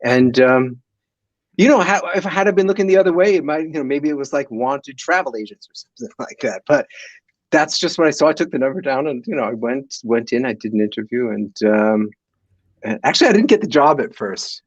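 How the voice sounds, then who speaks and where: Man telling lively anecdotes, dull lo-fi sound. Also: mid-range voice, brisk, no echo. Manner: lively storyteller, heavy on fillers and restarts. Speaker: guest. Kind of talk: animated storytelling in a live podcast.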